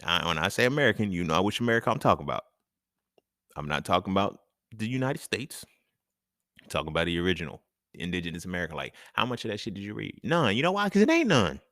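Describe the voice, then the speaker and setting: A man's voice: low voice, very animated, fast talker, a bit bright, no room sound, studio quality. A man hosting his own talk show, delivering a casual, profane monologue full of slang and laughter. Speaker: podcast host.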